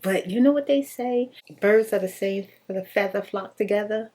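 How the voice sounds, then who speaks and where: A woman casually telling a personal story in an animated, slangy way, laughing often. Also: medium pitch, normal speed.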